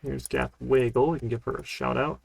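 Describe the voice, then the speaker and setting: Gravelly relaxed man teaching programming. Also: mid-range voice, fairly quick, dry recording. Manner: relaxed, rambling, lots of fillers. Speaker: college programming instructor. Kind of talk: casual live-streamed lecture.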